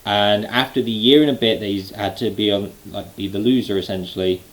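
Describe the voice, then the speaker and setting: A young man talks through a live show he has just seen, rambling and excited, with plenty of ums and uhs. His voice sits a little low for a man. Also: a little fast, poor audio. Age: late 20s. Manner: excited, rambling with many fillers. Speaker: wrestling fan vlogger. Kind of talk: casual event recap.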